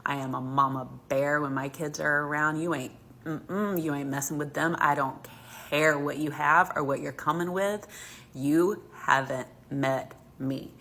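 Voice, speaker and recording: A woman's voice: low-pitched, fairly even intonation, unhurried, a bit bright, a little hiss or hum. A woman from Alabama, telling a story about her kids in a heated, emphatic way, with lots of "like". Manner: heated, emphatic, heavy use of "like". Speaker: mother. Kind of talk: casual storytime.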